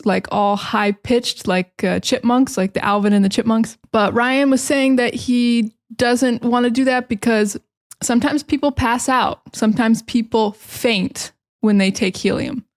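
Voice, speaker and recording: A woman's voice: on the high side, a little mellow. A young American woman teaching English phrasal verbs in a chatty, casual way, explaining each one with everyday examples.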